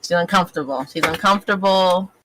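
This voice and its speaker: A woman's voice: lowish voice, a little fast, background noise. Casual, swearing woman player at a game table. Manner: casual, profane, unfiltered.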